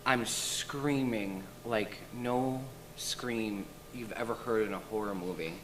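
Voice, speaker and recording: A man's voice: fairly low pitch, slow pace, background noise. A man giving an emotional first-person account as an interview guest, in a shaken, intense retelling.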